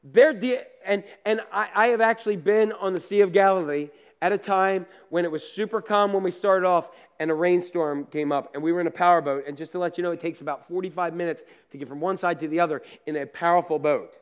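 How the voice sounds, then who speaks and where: A man with a high, light voice preaches like he is telling a story to friends. He mixes plainspoken asides into the sermon and swings between loud bursts and quiet remarks. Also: fairly even intonation, brisk, few pauses, clean tone. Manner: conversational storytelling with down-to-earth asides. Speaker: pastor.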